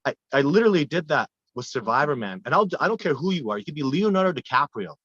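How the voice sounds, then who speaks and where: A man who guides wilderness expeditions, telling earnest, animated stories in a casual interview with frequent restarts. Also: on the high side, quick pace, no room sound. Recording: dull, lo-fi dry sound.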